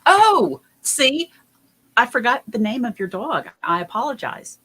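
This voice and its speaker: A woman's voice: fairly high pitch, big pitch swings, unhurried, bright, forceful tone, husky. A woman guest on a podcast, chatting casually and apologizing with a giggle.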